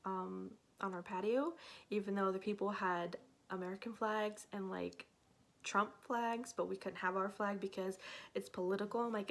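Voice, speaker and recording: A woman's voice: mid-range voice, steady tone, moderate pace, gravelly. A woman at home telling a personal story in casual storytime chat, with many filler words, acting out what she said back then. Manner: chatty, many "like" fillers, acts out her own past lines. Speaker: storyteller vlogger.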